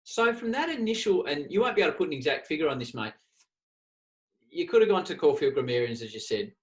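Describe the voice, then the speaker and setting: A man's voice: on the high side, very animated, fast, rough recording. An Australian man hosting a sports podcast, asking questions in a joking, casual way. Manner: joking, laughs along. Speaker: podcast host. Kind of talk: casual interview chat.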